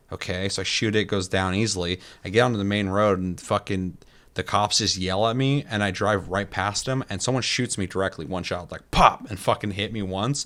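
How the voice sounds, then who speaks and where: A man co-hosting a casual gaming podcast, telling game stories with lots of swearing and laughter. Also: on the low side. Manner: animated storytelling, heavy swearing, laughs often. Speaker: podcast co-host.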